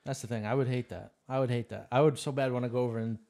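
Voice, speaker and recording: A man's voice: mid-range voice, fairly even intonation, rapid-fire, gravelly, mellow. A man co-hosting a sports podcast, talking bluntly and emphatically and repeating himself. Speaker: podcast co-host. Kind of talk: casual chat.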